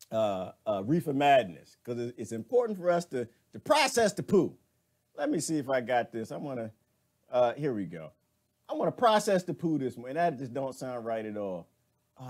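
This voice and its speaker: A man's voice: a little high, a little mellow. A man hosting a casual live stream, chatting with viewers and laughing often.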